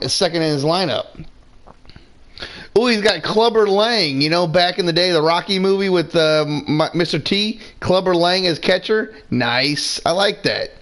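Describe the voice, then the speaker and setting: A high-pitched, slightly bright-voiced gamer streams his play while drinking, already several beers in. He rambles along in a laid-back way and swears freely.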